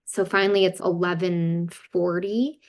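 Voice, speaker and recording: A woman's voice: lowish voice, level tone, unhurried. A woman, a doula, candidly telling a long personal story as a podcast guest and quoting what others said. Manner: candid, recounts events and quotes others. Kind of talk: casual storytelling.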